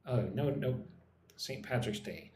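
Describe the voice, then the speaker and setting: A man's voice: mid-range voice, lively intonation, a little slow, mellow. A man from Texas, an English teacher, chatting casually and playfully on a live stream. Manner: playful, chatty, amused exclamations. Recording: roomy echo, faint background noise.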